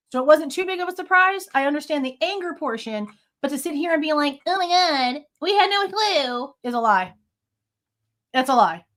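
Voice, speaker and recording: Woman host, higher voice, blunt and scornful commentary. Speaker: true crime reaction host. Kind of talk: heated commentary over clips.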